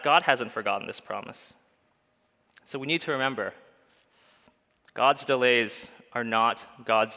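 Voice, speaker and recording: A man's voice: medium pitch, pushed and bright. A man preaching a sermon as pastor, earnest, putting many questions to the listeners. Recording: long hall reverb.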